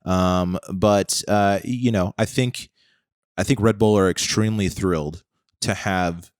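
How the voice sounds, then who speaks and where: Low-voiced American man, thirties, rambling podcast co-host, dry close sound. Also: a little slow, clean tone, dry recording. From United States. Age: 30s. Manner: rambling, full of "like" and "okay", spins comic what-if scenarios. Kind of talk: casual chat.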